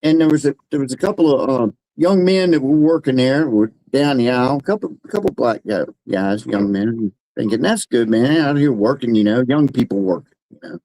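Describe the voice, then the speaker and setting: A man's voice: mid-range voice, normal speed, mellow, no echo, rough recording. An older man telling a funny anecdote in a casual, giggly way during a livestream. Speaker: livestream guest. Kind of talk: casual storytelling.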